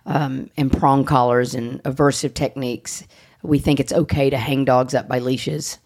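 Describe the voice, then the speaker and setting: A woman's voice: rumbling low, flat delivery, moderate pace, darkish tone. A woman hosting a podcast, chatting casually, blunt and joking, swearing freely. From United States. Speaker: podcast host. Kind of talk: casual chat.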